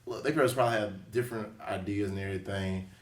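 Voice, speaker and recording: A man's voice: on the low side, fast. Playful podcast host man, roomy sound. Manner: playful, joking, slangy. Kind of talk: casual podcast chat. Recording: echoey room, mic at a distance, faint noise.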